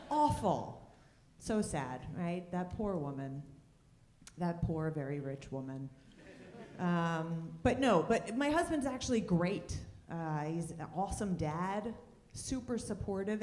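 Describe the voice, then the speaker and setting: A woman's voice: mid-range voice, a little mellow. A woman doing a stand-up comedy set on a comedy club stage, landing dry, sardonic punchlines. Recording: roomy club sound.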